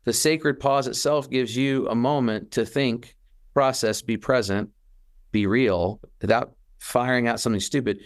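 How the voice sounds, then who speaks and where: A man with a gravelly edge to his mid-pitched voice talks through ideas on a podcast. He is earnest and animated, breaking off to restart sentences and act out little quotes. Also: a little slow. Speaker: podcast co-host. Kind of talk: casual reflective conversation.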